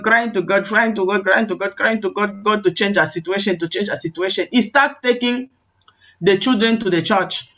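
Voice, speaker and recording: A woman's voice: medium pitch, a bit bright. A woman evangelist preaching a sermon, telling a testimony with acted quotes and impassioned, repetitive calls in prayer. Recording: muffled lo-fi online call audio.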